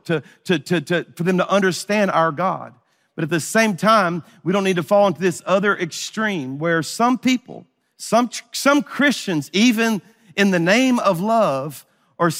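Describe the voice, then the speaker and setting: A man's voice: sits high, a bit bright, long reverb tail. A middle-aged man preaching a sermon, telling a story and acting out the dialogue. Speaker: pastor.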